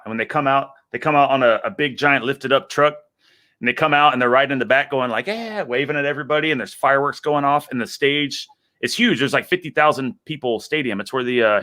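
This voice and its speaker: Texan guy on a headset, bright forceful voice, drawly and hyped telling stories. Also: medium pitch. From Texas. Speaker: guest. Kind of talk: casual chat.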